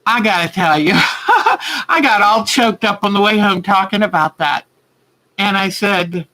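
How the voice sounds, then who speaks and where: A woman's voice: mid-range voice, lively intonation, measured pace, pushed and bright, poor audio. A woman hosting a quilting livestream, telling a story in a heartfelt, earnest way. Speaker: quilting show host.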